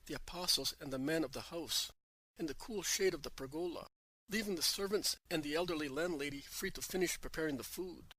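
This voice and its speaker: Bright, husky male audiobook narrator. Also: a little high, low-quality recording. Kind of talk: devotional audiobook reading.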